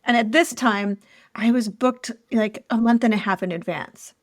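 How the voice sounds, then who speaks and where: A woman's voice: fairly high pitch, moderate pace, no room sound, studio quality. A woman co-hosting a podcast, telling stories in an easygoing, laughing chat. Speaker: podcast co-host, former escort. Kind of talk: casual storytelling chat.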